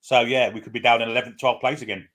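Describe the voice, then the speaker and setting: A man co-hosting a casual live stream, talking quickly and opinionatedly and often asking for agreement. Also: mid-range voice, level tone, a bit bright. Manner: rapid, opinionated, asks for agreement. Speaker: co-host.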